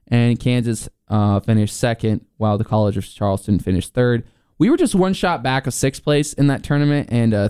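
Young man, sports show host, smooth clear voice, dry close sound, chatty results rundown. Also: medium pitch, darkish tone, no echo. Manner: chatty, reads results with fillers.

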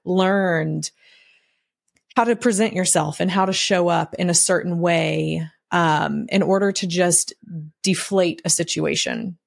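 A woman with a slightly low voice hosts a relaxed conversation. She asks her questions in an easy, chatty way and fills the gaps with short sounds of agreement. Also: slow, creaky. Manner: conversational, with frequent back-channel agreement. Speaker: podcast host. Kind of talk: casual interview talk.

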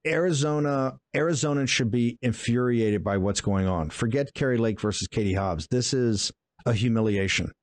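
A man hosting a political talk show, speaking in a forceful, indignant way with quick asides. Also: medium pitch, no room sound. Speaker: host.

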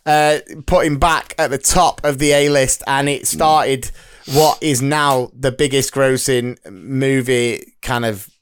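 A man in his thirties trades playful banter on a podcast. His voice sits at an ordinary middle pitch, and he teases and laughs easily as the chat runs on. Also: steady tone, slow, clean tone. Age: 30s. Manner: teasing, laughs often. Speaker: podcast co-host. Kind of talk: casual banter.

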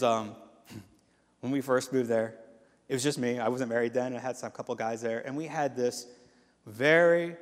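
A man giving a sermon as guest speaker, telling stories and acting out the voices in them. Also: on the high side. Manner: animated storytelling with quoted voices. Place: church hall. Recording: long hall reverb.

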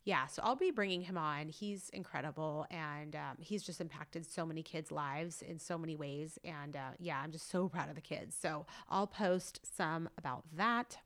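Chatty rambling woman, lowish voice. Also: normal speed, few pauses, a bit bright. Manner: gushing, rambling storyteller full of "like". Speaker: podcast host. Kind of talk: casual chat.

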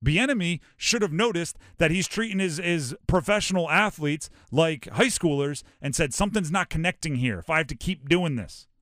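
A man from Hawaii hosting a sports talk show, animated and rhetorical, often acting out quotes. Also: fairly high pitch, normal speed, hardly any pauses, dry recording, clean studio sound.

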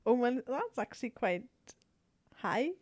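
A woman's voice: on the high side, big pitch swings, unhurried, a little mellow. A woman co-hosting a casual podcast, reading out listener questions and teasing her partner with frequent laughter. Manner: giggly, teasing. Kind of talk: casual unscripted chat.

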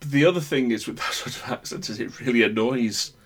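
A man's voice: mid-range voice, a little fast, husky. Chatty man with a northern English accent. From Northern England. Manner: opinionated, rambling with many restarts. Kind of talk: casual chat.

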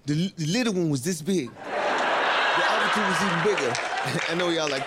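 A man doing a stand-up comedy set, telling a loose, animated story full of profanity and acted-out quotes. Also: fairly high pitch, normal speed. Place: stage before a live audience. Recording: live club recording with loud crowd noise.

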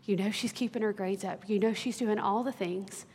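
A woman's voice: medium pitch, fairly even intonation, normal speed, darkish tone, slight background noise. Earnest woman preaching in a reverberant hall. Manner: earnest, personal storytelling with light laughs. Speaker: worship leader giving a talk. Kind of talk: sermon with personal story.

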